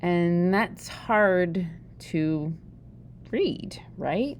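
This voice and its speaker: A teacher with a Pennsylvania Dutch accent gives a chatty, joking informal video lesson, often asking the listener questions. Her voice is on the low side and extremely slow, with a noisy background.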